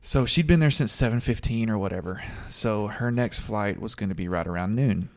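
A man with a fairly low, slightly mellow voice, speaking at a normal pace, chats casually as a podcast co-host on a sports show, telling a story and laughing often.

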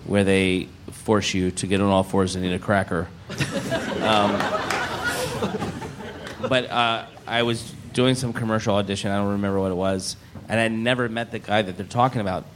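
A man's voice: fairly low pitch, steady tone, normal speed, a crowd in the background, noisy background. A man guest on a live comedy podcast telling a rambling story with many fillers and dry wit.

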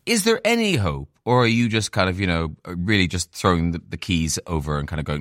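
A man's voice: sits low, sing-song, fairly quick, few pauses, a bit bright, dry recording, clean studio sound. A man hosting a book podcast, asking chatty, playful interview questions. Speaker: podcast host.

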